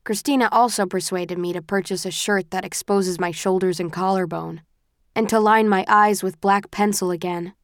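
Woman reading a first-person story, even and measured, medium pitch, dry close sound. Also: no echo. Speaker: audiobook narrator. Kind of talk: scripted first-person narration.

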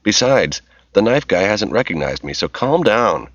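A man voicing a calm, dryly wry man exploring a dark, foul place while talking over an earpiece. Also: on the low side, normal speed, no room sound, voice pushed up. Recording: slightly dull dry recording.

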